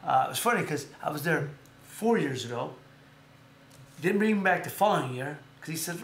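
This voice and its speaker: A man with a fairly high voice and some vocal fry hosts a casual live stream about boxing at a normal speed. His storytelling is rambling and animated, with frequent self-corrections, and the room is echoey with faint background noise.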